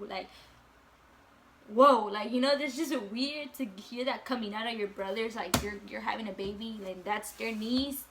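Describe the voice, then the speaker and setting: A young woman with a bright, fairly high voice tells a casual storytime to her camera, peppering it with fillers and swearing. A faint hum of room ambience sits behind her. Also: steady tone, moderate pace. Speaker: vlogger.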